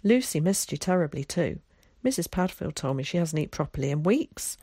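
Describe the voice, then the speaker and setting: A woman voicing an excitable, theatrical boy who chatters eagerly. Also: low voice, a little fast, husky, dry recording, clean studio sound, heavily acted. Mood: chatty.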